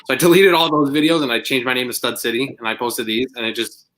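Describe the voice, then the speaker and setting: A young man hosting a live stream, chatting in a relaxed, easygoing way with a few hesitations. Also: mid-range voice, fast, low-quality recording. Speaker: channel host. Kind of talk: casual chat.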